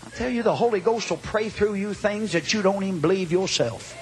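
An older man preaching a Pentecostal sermon, telling a story that swings from quiet asides to loud shouting. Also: sits high, fairly quick, noisy background.

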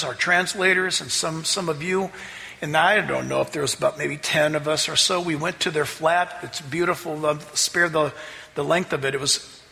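A man preaching a sermon as pastor, telling a story with lively energy. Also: a little high, gravelly, in a large hall, slight background noise. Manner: animated, rising to near-shouts in the story. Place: church sanctuary.

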